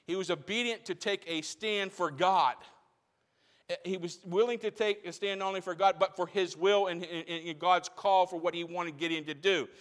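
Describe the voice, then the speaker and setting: A man's voice: high voice, steady tone, moderate pace, a bit bright. A man preaches a sermon, his words ringing out with a long reverb around them. He repeats his phrases and presses his points with growing force. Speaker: pastor.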